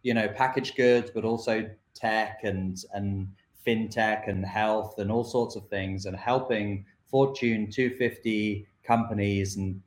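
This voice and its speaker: A man's voice: lowish voice, reverberant. A man from London with a British accent, a company co-founder telling his story as an interview guest in a fluent, friendly way. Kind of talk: interview conversation.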